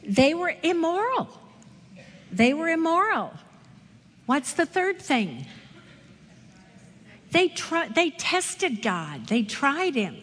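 A woman teaching a women's Bible study, expressive and asking her listeners questions. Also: high voice, slow pace, long pauses. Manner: expressive, asks the audience questions. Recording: echoey hall with long reverb.

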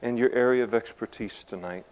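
Man, pastor, sermon, warm mellow voice, emphatic, quiet-to-loud swings. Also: medium pitch, brisk, clean tone, rough recording.

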